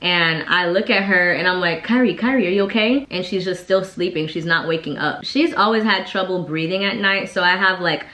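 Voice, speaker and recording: Woman vlogger, low voice, chatty casual storytime, echoey room. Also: normal speed, few pauses, sharp tone. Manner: chatty, lots of "like" fillers. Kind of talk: casual storytime while getting ready.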